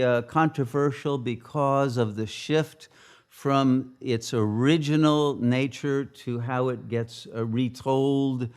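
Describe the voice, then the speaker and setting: A man giving a spiritual retreat teaching, halting, with many filler pauses. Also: medium pitch, a little mellow.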